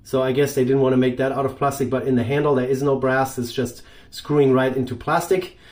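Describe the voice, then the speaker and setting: A man's voice: mid-range voice, little pitch movement, a little fast, a little mellow. A man hosting a shaving channel, talking through his gear in a loose, rambling way with many fillers. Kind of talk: casual product review.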